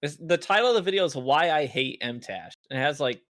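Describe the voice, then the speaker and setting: A man co-hosting a gaming podcast, easygoing and even-keeled, chatting casually. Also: a little high, fairly quick. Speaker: podcast co-host. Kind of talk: casual chat.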